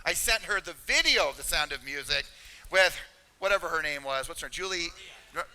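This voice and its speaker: Bright-voiced man speaking in a hall. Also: a little high, fairly quick. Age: middle-aged. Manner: energetic, emphatic, addresses audience directly. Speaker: motivational speaker at a real estate seminar. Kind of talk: live motivational talk. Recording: reverberant hall.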